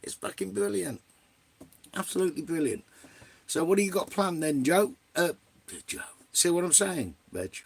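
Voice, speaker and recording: A man's voice: high-pitched, animated, moderate pace, gravelly, breathy edge. A man hosting a live stream in casual chat, greeting viewers by name and swearing freely.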